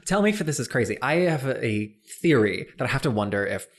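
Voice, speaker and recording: A man's voice: medium pitch, sing-song, fast. A man from North Carolina, hosting a casual interview, chatty and curious, with many fillers. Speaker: podcast host.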